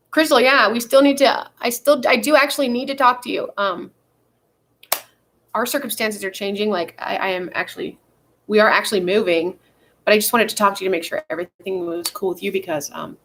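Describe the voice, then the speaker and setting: A woman's voice: mid-range voice, normal speed, fairly bright tone, slight background noise. Rambling, foul-mouthed young woman vlogger. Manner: rambling and profane, with frequent fillers. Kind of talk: casual chat.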